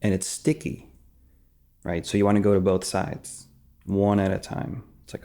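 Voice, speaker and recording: A man teaching emotional release in a calm, soft way, dropping into whispers as he acts out examples. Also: low-pitched, normal speed, a little hiss or hum. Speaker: meditation teacher. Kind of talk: calm spoken guidance.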